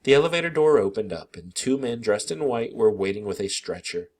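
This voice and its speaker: A man narrating a children's story aloud, his pitch rising and falling with lively expression. His voice carries a husky, slightly breathy grain. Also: brisk. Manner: animated, expressive.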